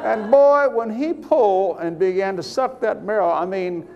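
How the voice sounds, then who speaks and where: Older male preacher, slightly high voice, rambling storyteller, long hall reverb. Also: normal speed, lo-fi sound, noisy background. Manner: storytelling, animated, rambling with restarts. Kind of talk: sermon testimony.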